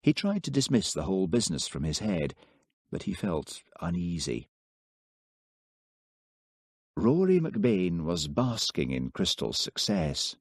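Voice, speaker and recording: Deep-voiced male audiobook narrator. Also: very animated, husky, no echo, studio quality. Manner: measured storytelling. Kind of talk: scripted narration.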